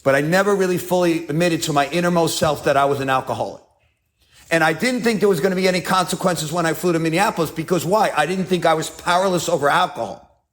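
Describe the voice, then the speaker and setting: A man's voice: a little high, quick pace. A man with a New York accent telling his story as a speaker at a recovery meeting, acting out scenes with self-mocking humor.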